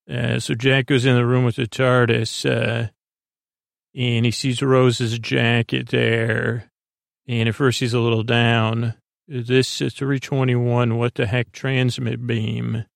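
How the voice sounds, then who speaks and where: Male host, casual halting recap, monotone delivery with gravel. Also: mid-range voice, no room sound, studio quality. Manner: halting, rambling, many filler sounds. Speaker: podcast host.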